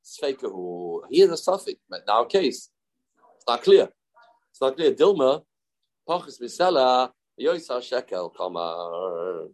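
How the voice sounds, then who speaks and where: A man's voice: medium pitch, low-quality recording. A man teaching a Talmud study lesson in a conversational way. He repeats his points, gives everyday examples and mixes English with Hebrew and Aramaic study terms.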